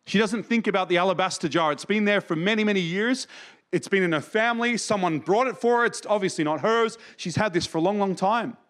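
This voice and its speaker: High-voiced man preaching with passion. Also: a little fast. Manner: impassioned, swings from raised to hushed. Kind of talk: sermon.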